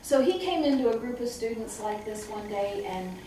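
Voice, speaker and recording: A middle-aged woman who trains staff at a memory care home, telling lively stories and acting out the voices of people she quotes. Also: on the high side, moderate pace, slight background noise. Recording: echoey room, far from the mic.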